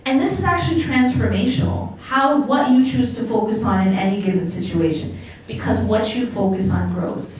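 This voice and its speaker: A woman's voice: mid-range voice, moderate pace, hardly any pauses, darkish tone. Woman lecturing in an echoey hall. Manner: conversational, asks the audience questions. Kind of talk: religious lecture to a live audience. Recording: echoey hall, voice from far off, faint noise.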